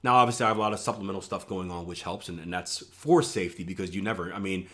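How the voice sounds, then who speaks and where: A man's voice: low voice, fast, sharp tone. A man working as a trading coach, talking casually through charts and keeping his listeners with him by asking "right?" again and again, with self-mocking asides. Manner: conversational, many filler "right?" checks, self-mocking asides. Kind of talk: casual teaching over a screen share.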